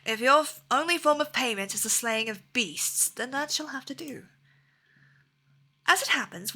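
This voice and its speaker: Formal guild clerk, precise and proper, game dialogue, read by a woman, slightly high. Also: sharp tone, exaggerated voice. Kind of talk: reading game dialogue aloud.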